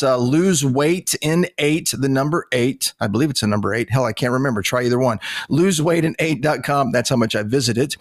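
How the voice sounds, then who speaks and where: A man's voice: medium pitch, dry recording. A man hosting a podcast from his studio, talking bluntly and with exasperation, swearing freely. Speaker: podcast host. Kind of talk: casual podcast talk.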